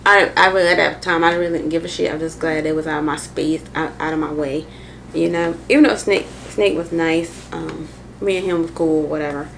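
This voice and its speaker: Low gravelly woman telling her story. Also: fairly even intonation, a little fast, slight background noise, low-quality recording. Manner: loose slangy talk full of "like" and "or whatever"; candid, matter-of-fact retelling of hard memories. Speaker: storytime vlogger. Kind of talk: casual personal storytelling.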